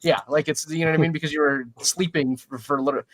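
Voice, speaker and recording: A man's voice: a little high, fairly even intonation, quick pace, fairly bright tone, no echo. A man chatting casually about a book, rambling with lots of fillers and agreeing often. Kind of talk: casual book club chat.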